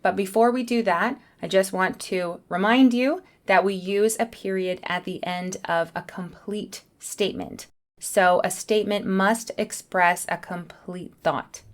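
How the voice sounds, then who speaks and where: A woman teaching a beginner English lesson, speaking in a clear, careful way. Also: mid-range voice, unhurried.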